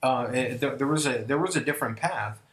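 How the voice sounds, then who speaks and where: A man's voice: medium pitch, a little fast, fairly bright tone. A man reviewing an old wrestling event, talking casually and enthusiastically, with many fillers and restarts. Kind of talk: casual video review commentary. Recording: echoey room.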